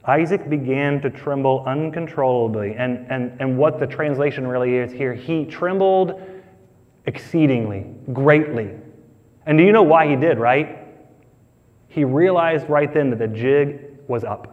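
A man's voice: medium pitch, measured pace. A male pastor preaching a sermon in a conversational, emphatic way, asking his listeners questions. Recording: echoey hall, dull sound.

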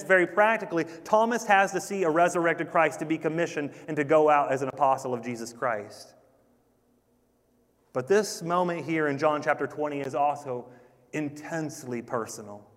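A man preaching a sermon in an earnest, emphatic way, often repeating himself for stress. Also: a little high. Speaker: pastor. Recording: long hall reverb.

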